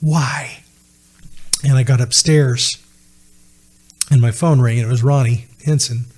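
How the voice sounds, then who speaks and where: A man's voice: mid-range voice, steady tone, moderate pace, darkish tone. A man, a podcast guest, earnestly telling a personal faith testimony and retelling conversations line by line.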